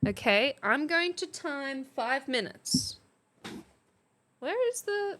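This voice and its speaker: A young woman streaming live, hosting a playful mock class in a casual chatty way, laughing often and exclaiming with excitement. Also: high-pitched, slow, long pauses.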